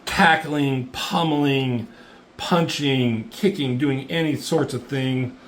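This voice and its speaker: A man's voice: medium pitch, slow. A man casually recapping a comic book page by page, swearing freely and getting worked up over the fight scenes, with lots of fillers. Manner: profane, excitable play-by-play with lots of fillers.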